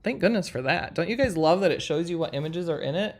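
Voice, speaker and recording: Fast-talking and expressive, this woman has a fairly low, slightly mellow voice. In her forties, she runs a live craft design tutorial over screen-share, treating the viewers in chat like friends.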